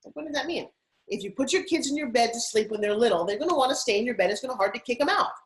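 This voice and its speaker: A middle-aged woman guest telling stories in an interview, animated and putting on voices now and then. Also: fairly high pitch, very fast, low-quality recording. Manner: animated, acts out her kids' voices. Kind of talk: interview storytelling.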